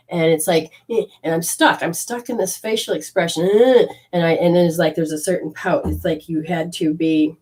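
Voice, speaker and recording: A woman's voice: lowish voice, a little mellow, rough recording. A woman giving an intuitive card reading to a caller. She rambles and restarts often, and affectionately calls her listener honey. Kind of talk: spiritual reading and coaching.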